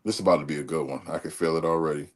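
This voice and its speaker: A man's voice: rumbling low, steady tone. A man co-hosting a casual sports talk show, talking with frequent restarts and swearing. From Baltimore area. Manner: profane, halting, many restarts. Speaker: podcast co-host.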